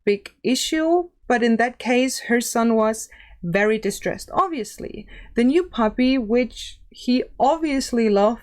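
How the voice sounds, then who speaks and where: A woman YouTuber giving casual, measured commentary in a plain-spoken way. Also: a little high.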